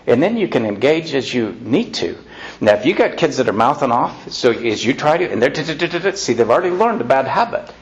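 A man talks an audience through parenting advice in a folksy, conversational way, acting out quoted lines now soft, now loud. His voice is gravelly and swings up and down a lot. The recording sounds dull and lo-fi. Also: medium pitch. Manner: folksy, acts out quoted lines with shifting loudness. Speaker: speaker giving parenting advice. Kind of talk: informal talk to an audience.

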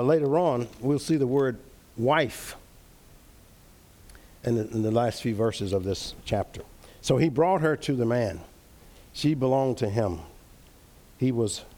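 A man leads an interactive Bible study, teaching earnestly, repeating key phrases, and reading verses slowly. His voice is medium-pitched and mellow.

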